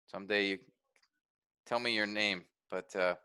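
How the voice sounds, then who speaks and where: Man teaching a workshop, bright tone. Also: fairly low pitch, fairly even intonation, a little slow, smooth, no room sound, rough recording. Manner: conversational, thinks aloud with restarts and fillers.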